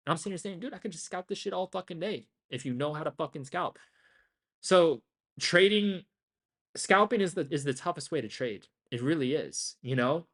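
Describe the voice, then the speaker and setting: A man hosting a live trading stream in a brash, rapid-fire monologue, peppering nearly every sentence with curse words. He lectures the chat directly, and when he gets hyped his voice climbs higher and louder. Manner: brash, swears constantly, talks straight to the chat. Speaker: livestream trading host.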